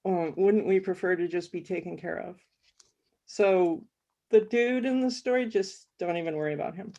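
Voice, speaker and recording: A woman's voice: lowish voice, moderate pace, mellow, highs cut off. A woman author, chatty and self-deprecating, introducing a short story before she reads it. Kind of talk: casual intro before a reading.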